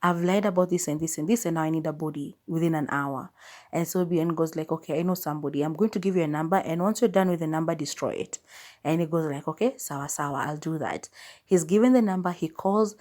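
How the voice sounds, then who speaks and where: A woman's voice: on the low side, warm tone. A young Kenyan woman hosting a podcast, chatting casually as she retells a film and quotes its characters. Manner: chatty, retells scenes with quoted lines and laughs. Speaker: podcast host.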